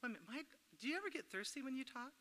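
Her high-pitched voice is pushed and bright, rattling along rapid-fire with lively intonation over slight background noise. This middle-aged woman delivers an informal, humorous devotional talk at a church gathering in a reverberant hall, telling personal stories and talking straight to her audience.

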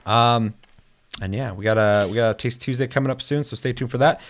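Young guy hosting a gaming podcast, chill, cussing a lot, average pitch. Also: brisk. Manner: laid-back, swears freely, rambling. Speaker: podcast host. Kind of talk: casual gaming podcast chat.

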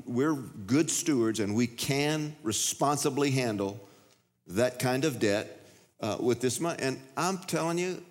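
Guy preaching in a big church, folksy story, voice rings around the hall, mid pitch. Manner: folksy storytelling, jumps to high loud outbursts. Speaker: pastor. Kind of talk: sermon.

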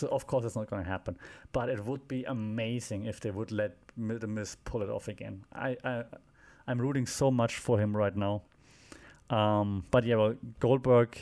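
On his own casual podcast, a man goes over the week's wrestling events in a rambling, unstructured way, dropping frequent fillers and dry remarks. His voice is lowish and darkish in tone, with fairly even intonation and a moderate pace.

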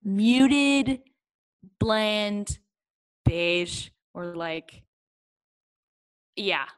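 A woman's voice: mid-range voice, expressive, very slow, low-quality recording. A woman in casual chat, talking in a rambling way full of fillers and little laughs. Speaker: guest.

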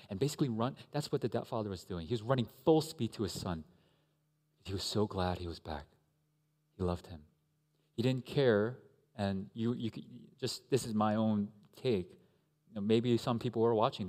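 A man pastor giving a conversational, animated sermon with asides to the congregation. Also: medium pitch. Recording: echoey hall.

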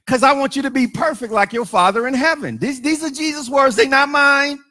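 A middle-aged man, preaching a sermon. His voice sits high and rings bright as he drops to hushed asides, then climbs into sung and shouted lines. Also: brisk. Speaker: pastor.

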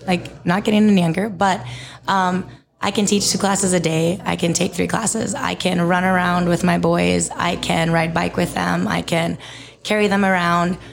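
A woman's voice: lowish voice, level tone, normal speed, gravelly. A young woman, a fitness instructor, talking casually as a podcast guest, rambling with many fillers. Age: young adult. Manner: rambling, heavy use of "like" and "um". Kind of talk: casual conversation.

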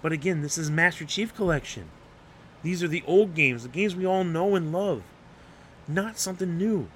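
A man's voice: a little high, animated, moderate pace, slight background noise. A young man hosting an unscripted solo podcast, rambling and getting hyped, swearing freely and stumbling over restarts. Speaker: podcast host.

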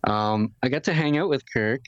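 A man with a Canadian accent chats easily on a podcast and pauses with fillers. His voice sits at a middling pitch. The recording is close and dry. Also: dry recording, dull audio. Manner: easygoing, halting with fillers. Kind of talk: casual podcast chat.

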